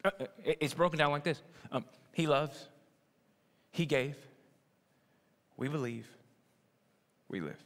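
A man preaching a sermon, swinging from loud emphatic bursts to low, quiet asides. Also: a little slow, long pauses, big-room sound. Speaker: pastor.

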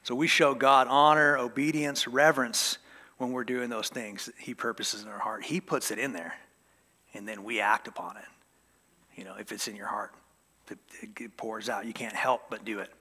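A man's voice: medium pitch, steady tone, normal speed, pushed and bright, big-room sound. A man preaching a casual sermon as a pastor, conversational and joking with the congregation. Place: church sanctuary.

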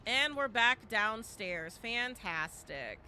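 A woman commentates her live game in a high, lively voice that swings widely in pitch. She chats with her viewers, repeats her phrases and breaks into shouts. Steady noise sits under her stream audio. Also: takes it slowly. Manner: animated, exclaiming and shouting at the game; talks to chat and teammates, repeats phrases. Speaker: gaming streamer.

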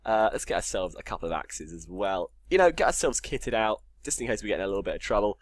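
A young man chats through his block-building game, cursing and cracking jokes to himself. His pitch bounces up and down a lot. The sound is dry and close to the mic, with no room around it. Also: expressive, fast talker, no echo. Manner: swears a lot, jokey, talks to himself. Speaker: gamer. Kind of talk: casual Minecraft let's play commentary.

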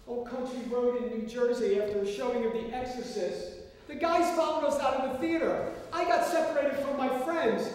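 Man telling a story on stage, from far off. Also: very high voice. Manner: theatrical storytelling, swings between hushed and shouting. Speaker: solo stage performer. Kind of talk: live one-man stage monologue. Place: theater stage before an audience. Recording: roomy hall, miked from far off.

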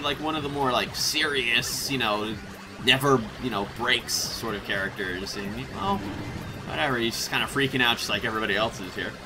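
A man hosting a casual let's play, rambling and excitable, often breaking into laughter. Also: medium pitch. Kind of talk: casual gameplay commentary.

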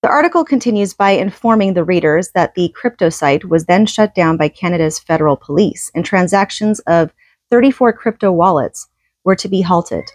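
Woman reading a book chapter aloud, lowish voice, dry close sound, steady pace. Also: moderate pace, dry recording. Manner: reads aloud steadily, drops into casual asides. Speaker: audiobook reader.

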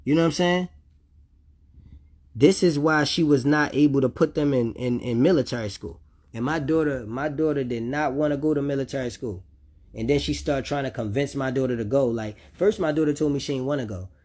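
In this off-the-cuff vlog rant, a man talks straight to his viewers about his kids, heated, repetitive and full of swearing. His voice is mid-range, a little mellow, and fairly quick.

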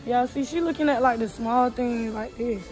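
Young mom vlogging at the store on her phone, kinda high voice, talks to y'all a lot, faint music behind. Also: moderate pace, a little mellow, low-quality recording. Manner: chatty, addresses viewers as y'all. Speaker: vlogger, mother. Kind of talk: casual vlog while shopping. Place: large store indoors.

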